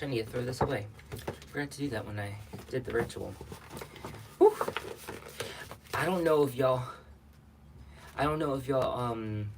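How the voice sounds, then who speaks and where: Man, casual livestream host, rambling chat, slightly breathless, mid pitch, faint background noise. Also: creaky. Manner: chatty, rambling, greets viewers by name. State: a little out of breath.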